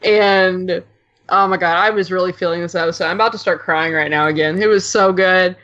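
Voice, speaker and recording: A woman guest on a podcast, gushing and excitable, acting out scenes and saying "like" a lot. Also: lowish voice, fairly quick, muffled recording. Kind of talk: casual podcast chat.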